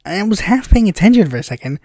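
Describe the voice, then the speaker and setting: A man's voice: high-pitched, sing-song, quick pace, warm tone, dry recording, studio quality. A man hosting a casual political commentary podcast, rambling with lots of fillers and bursts of exasperated impressions.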